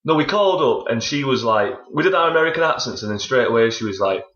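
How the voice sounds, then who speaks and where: In a dull, roomy home recording, a man in his 20s co-hosts a podcast with fast, lively, swear-filled rambling. His voice is medium-pitched and fairly bright.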